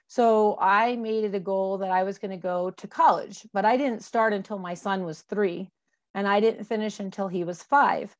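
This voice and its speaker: A woman in her forties from Colorado, USA, is an interview guest reflecting candidly on her life in a personal conversation, with many fillers and restarts. Her voice is medium-pitched and steady in tone, at a measured pace.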